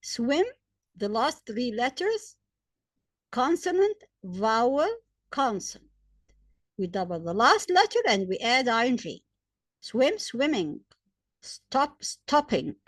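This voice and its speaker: A woman, likely a native Arabic speaker, teaching English grammar step by step, spelling out letters, repeating examples and pausing with fillers. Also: a little high, very animated, no room sound, studio quality. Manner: hesitant fillers between points. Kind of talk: slow, deliberate grammar lesson.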